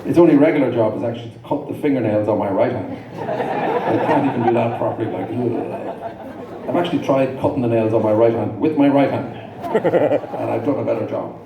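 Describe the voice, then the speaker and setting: A man's voice: medium pitch, fairly quick, vocal fry. A middle-aged man performing stand-up comedy, dry and self-deprecating, with rambling asides. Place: large live venue with audience. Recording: echoey hall, distant mic, noisy. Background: audience laughter.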